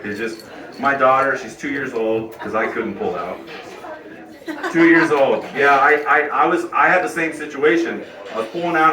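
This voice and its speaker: Brash, crude middle-aged male comic. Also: mid-range voice. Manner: crude, brash, conversational, with sudden yelled bits. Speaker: stand-up comic. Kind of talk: stand-up comedy set. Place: comedy club stage. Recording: echoey club from a distant mic with crowd.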